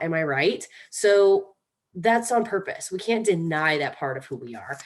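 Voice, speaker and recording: Woman, lowish voice, playful mindfulness teacher, casual and chatty. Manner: chatty, playful, demonstrates breathing exercises aloud. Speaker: mindfulness instructor. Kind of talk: casual instructional talk.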